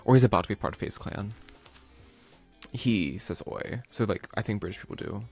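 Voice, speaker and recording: A man's voice: on the low side, normal speed, a little mellow, slightly rough, faint music behind. A man streaming a video game, chatting casually in a rambling, playful way full of fillers, and reading the game text aloud.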